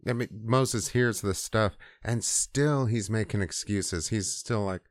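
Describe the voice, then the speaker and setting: A man's voice: lowish voice, unhurried, hardly any pauses, no room sound, studio quality. A man casually retelling a scripture story in irreverent slang with mild swearing.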